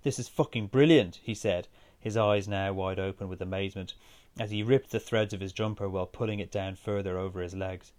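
A man reading a first-person story aloud in a steady, measured way. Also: sits low. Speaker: narrator.

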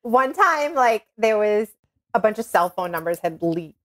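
A woman's voice: medium pitch, measured pace. A woman in her thirties with a New York accent, telling stories in a casual chat, with lots of fillers. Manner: animated storytelling with many fillers.

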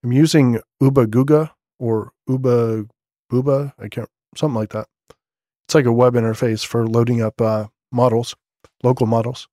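A man's voice: medium pitch, fairly even intonation, moderate pace, mellow, no echo. Casual male tech podcast host, dry sound. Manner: conversational, loose, with asides and fillers. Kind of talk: casual newsletter-style tech commentary. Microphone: studio condenser microphone.

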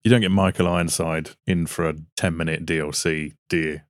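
Low-voiced man, jokey podcast host. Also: fairly even intonation, fairly quick, no room sound, studio quality. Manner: jokey, laughs often. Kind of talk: casual podcast chat. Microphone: online voice call.

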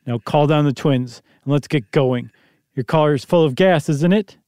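A man's voice: on the high side, unhurried, a little mellow, clean tone, no echo, studio quality, natural voice. A man reading the part of an urgent, commanding father who barks orders, in a story read aloud.

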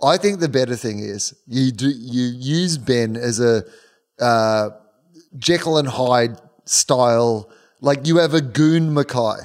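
A man co-hosting a relaxed sports chat who thinks out loud and raises questions as he goes. His voice sits at a medium pitch. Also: slow pace. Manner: musing, questioning, loose. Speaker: podcast co-host. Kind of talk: casual chat.

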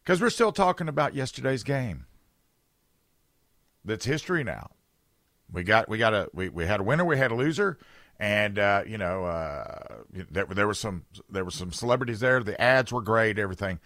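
A man's voice: on the low side, big pitch swings, normal speed, fairly bright tone, no echo. A man hosting a talk radio show, rambling and sarcastic in an opinionated chat from a studio.

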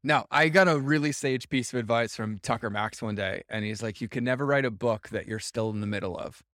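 A man hosting a podcast, relaxed and affirming, who chimes in often with quiet agreement. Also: medium pitch, fairly quick, no echo, studio quality. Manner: relaxed and affirming, lots of mm-hmms. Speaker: podcast host. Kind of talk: casual podcast chat.

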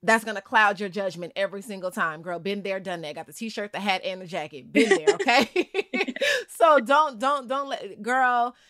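A woman's voice: mid-range voice, normal speed, a crowd in the background. A woman hosting a casual interview, emphatic and encouraging, calling her guest "girl" as she gives advice. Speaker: host.

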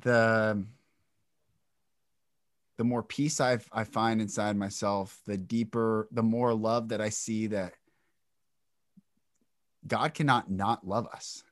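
A man's voice: fairly low pitch, fairly even intonation, slow pace, pauses often, no room sound, studio quality. A man as a podcast guest, telling an emotional personal story with intensity and swearing freely. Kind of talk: candid interview talk.

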